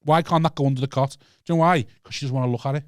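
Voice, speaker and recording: A man's voice: mid-range voice, racing, no room sound, clean studio sound. Sweary Scouse man telling a rant. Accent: Liverpool. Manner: animated, swears a lot, acts out his own shouting. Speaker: podcast co-host and stand-up comedian. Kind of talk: casual chat, storytelling rant. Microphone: studio mic.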